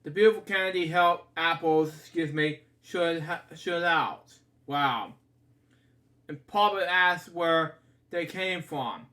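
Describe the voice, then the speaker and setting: A man reads a children's picture book aloud in a casual, unpolished way. He stumbles over words and keeps stopping to comment and apologize to his listeners. His voice sits high and his pace is slow and unhurried. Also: sharp tone. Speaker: storybook reader.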